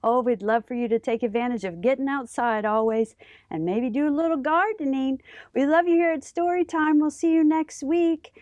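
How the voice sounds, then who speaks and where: A woman hosting a children's library story time, speaking in a bright, encouraging way. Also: sits high, moderate pace, no echo.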